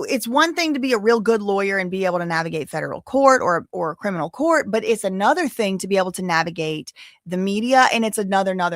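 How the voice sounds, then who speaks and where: A woman's voice: mid-range voice, fairly bright tone, no room sound, studio quality. A woman hosting a casual commentary on legal news, chatty and playful, with lots of asides and trailing restarts. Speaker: commentary channel host.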